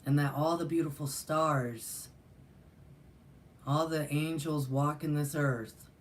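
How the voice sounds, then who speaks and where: A woman's voice: low voice, fairly even intonation, slow pace, a little hiss or hum. A middle-aged woman telling a personal story in a rambling, earnest way, with many fillers and restarts. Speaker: spiritual teacher and channel host. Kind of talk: casual storytelling monologue.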